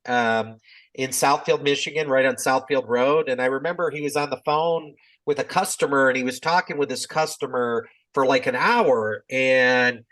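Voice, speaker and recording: A man in his fifties speaks at an even middle pitch, talking things through in a loose, reflective way. He circles back often, filling pauses with ums and restarts as he tells a long personal story in an interview. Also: rough recording. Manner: reflective, rambling, many fillers and restarts. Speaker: physician and company executive.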